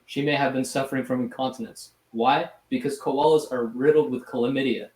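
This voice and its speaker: A man reading out a scripted rant in a sardonic, deadpan way, with crude asides. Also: mid-range voice, fairly quick. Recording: roomy echo, faint noise.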